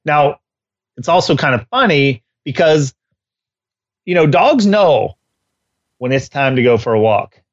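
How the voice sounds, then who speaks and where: A man who trains dogs, co-hosting a podcast in casual chat and telling stories with lively acted-out bits. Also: a little high, unhurried, pauses often, muffled recording. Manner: animated storyteller who acts out scenes. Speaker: dog trainer and co-host.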